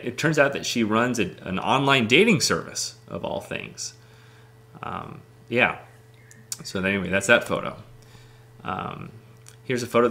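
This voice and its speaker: A man's voice: lowish voice, gravelly, sharp tone. A man casually talking through his travel photos, rambling and enthusiastic with lots of ums. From United States. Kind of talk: casual talk over photos.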